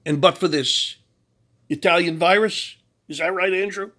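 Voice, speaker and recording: A man with a bright, forceful voice pitched a little high tears into his target with sarcasm. He taunts, mocks and preaches about sin and judgement in a combative commentary rant. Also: moderate pace. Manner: preachy, invokes God and sin. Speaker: political commentator. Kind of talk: ranting commentary.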